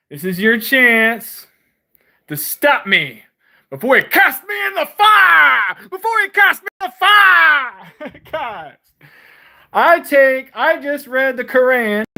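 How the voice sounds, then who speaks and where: A man hosting a live stream, ranting in a heated, defiant way, laughing often and breaking into shouts, with lots of "man" and "dude". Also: very high voice. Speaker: livestream host.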